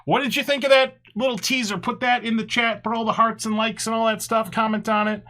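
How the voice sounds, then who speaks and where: A man hosting a podcast in a casual chat, joking and upbeat with quick patter. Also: very high voice, level tone, pushed and bright. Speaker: podcast host.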